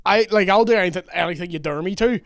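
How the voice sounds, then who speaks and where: High-voiced comedian. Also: male voice, fast talker, gravelly, fairly bright tone, clean tone, no room sound. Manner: cheeky, boastful, swearing. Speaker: podcast co-host and comedian. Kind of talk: casual podcast banter.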